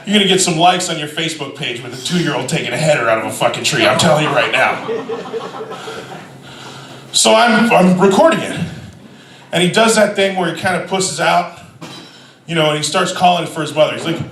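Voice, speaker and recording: A man doing a stand-up comedy set, telling a profane story with shouted quotes, animated and loud. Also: on the high side, a little fast, long pauses, roomy sound, far from the mic, poor audio.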